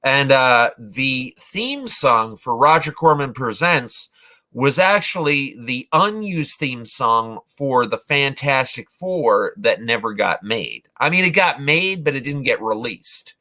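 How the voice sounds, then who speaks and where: A man's voice: medium pitch, lively intonation, slow pace, pushed and bright. A man in his forties who casually retells movies, rambling, with lots of fillers and restarts. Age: 40s. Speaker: vlogger, movie reviewer.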